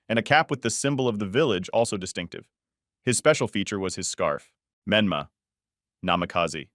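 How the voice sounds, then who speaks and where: A man narrating a fan story in a scripted, flat and even reading. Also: fairly low pitch, no echo, studio quality.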